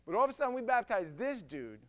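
A male preacher giving a casual, emphatic sermon that swings from loud to hushed. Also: very high-pitched, big pitch swings, fast talker.

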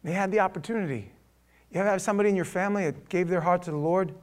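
A man preaching a verse-by-verse sermon, swinging between hushed, intimate asides and loud, mocking quotes of imagined listeners. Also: high-pitched, rapid-fire. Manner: animated preaching, swinging from hushed asides to near-shouting mimicry. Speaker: pastor. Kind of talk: expository sermon.

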